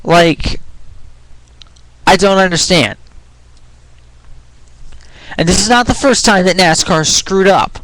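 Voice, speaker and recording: Young dude ranting on a vlog, kinda high voice, keeps restarting sentences, swears a lot, voice cracks. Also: male voice, takes it slowly, pauses often, fairly bright tone, dry recording, low-quality recording. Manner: frustrated, rambling, repeats and restarts phrases; swears while arguing. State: voice cracks when pitch rises.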